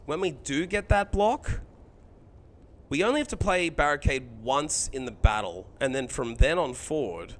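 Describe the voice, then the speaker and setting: A man streaming a card game live, thinking out loud about his choices, chatting with viewers and swearing freely. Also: on the high side, lively intonation, moderate pace.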